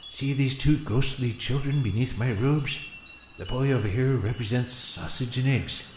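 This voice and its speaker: Brief: man impersonating a sleepy old president ghost, rambling and forgetful, mid-pitched, roomy echo. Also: a little mellow, a little hiss or hum, natural voice. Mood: drowsy. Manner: rambling, forgetful, halting with many fillers. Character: doddering sleepy former president playing a ghost. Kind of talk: radio comedy sketch.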